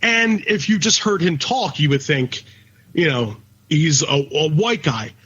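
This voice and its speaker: A man's voice: a little high, animated, measured pace, fairly bright tone, slightly rough. A man co-hosting a casual podcast, talking in a blunt, profane rant. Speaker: podcast co-host. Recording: dull lo-fi recording.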